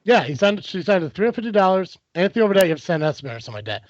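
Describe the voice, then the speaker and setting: A man's voice: high-pitched, very animated, very fast, very noisy. A man co-hosting a podcast, telling a story in a casual, profane way and acting out what other people said. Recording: dull, dry lo-fi podcast audio.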